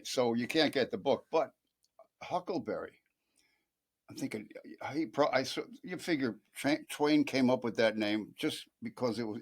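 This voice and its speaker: A man chatting as a guest on a local TV talk show, halting and restarting as he tells a story. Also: mid-range voice. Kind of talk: casual chat. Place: local TV studio.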